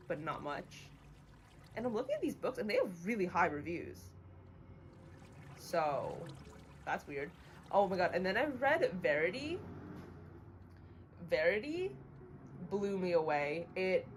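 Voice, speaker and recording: A woman's voice: fairly low pitch, a little hiss or hum. A woman livestreaming, chatting casually about books she has read, bluntly opinionated and full of "like". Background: music playing.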